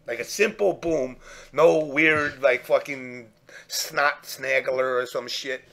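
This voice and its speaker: A man telling a profane, animated story in casual chat, acting out the people he quotes. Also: medium pitch, slow pace, gravelly, crowd noise.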